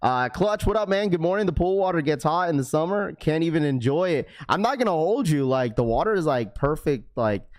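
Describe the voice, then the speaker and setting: A man's voice: a little high, expressive, brisk, few pauses, a little mellow. A young man hosting a live stream, chatting casually and greeting viewers by name in an upbeat way.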